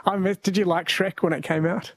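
A man's voice: high voice, steady tone, moderate pace, a bit bright, no echo. An Australian man hosting a radio quiz show, chatty and jokey, laughing often. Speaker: radio host. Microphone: studio mic.

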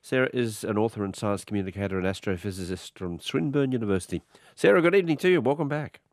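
A man hosting an evening radio talk show, his voice husky and a bit hoarse, chatty and hesitant with many restarts. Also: lowish voice, expressive, fast, no echo, clean studio sound. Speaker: radio host.

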